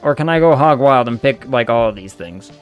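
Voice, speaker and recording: A man streaming a video game, tossing off wry, joking asides as he plays. His voice sits at an ordinary middle pitch. Quiet game music hums in the background. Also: animated, a little fast, smooth, muffled recording. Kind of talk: casual game commentary.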